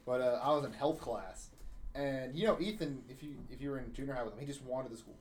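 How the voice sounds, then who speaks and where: A young man co-hosts a casual podcast, telling a story with animated energy, swearing freely and laughing through his own lines. His voice sits at a middle pitch. There is faint noise in the background. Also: fast. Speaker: podcast co-host.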